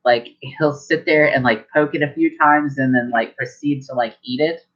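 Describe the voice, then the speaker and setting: A man's voice: medium pitch, steady tone, normal speed, a bit bright. A man running a tabletop game as game master, narrating loosely with many fillers. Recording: dull lo-fi sound.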